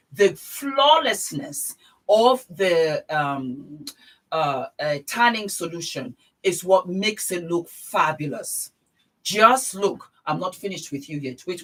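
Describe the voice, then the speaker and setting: A woman's voice: fairly low pitch, fairly bright tone, husky, rough recording. A middle-aged woman vlogging a casual beauty product demonstration, gushing and exuberant, repeating her words of praise.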